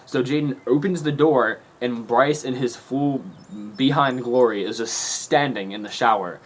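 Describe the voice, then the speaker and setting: A man's voice: medium pitch, measured pace. Rambling laughing young man. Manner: rambling, laughing, swearing often. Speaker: vlogger. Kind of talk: casual storytelling to camera. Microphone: camera mic.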